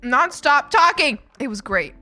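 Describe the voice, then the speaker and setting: A woman's voice: high-pitched, expressive, a little slow. A young woman from Canada chatting casually on a live stream, rambling, laughing often and swearing freely. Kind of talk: casual chat. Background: faint background music.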